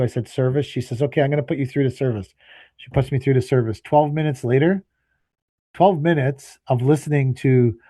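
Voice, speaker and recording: Man, podcast co-host, tired and fed up, swearing rant, mellow tone, dry close sound. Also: mid-range voice, no echo. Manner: exasperated, swears often, acts out both sides of phone calls. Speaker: podcast co-host, landscaping business owner. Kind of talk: casual storytelling rant.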